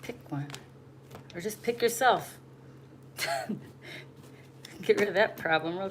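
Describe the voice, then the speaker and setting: A woman talks to her viewers in a casual, preachy way, blunt and quick to swear. Her voice sits at an ordinary pitch. Steady background noise runs under the recording. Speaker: spiritual message reader. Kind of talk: casual livestream talk. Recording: noisy home recording.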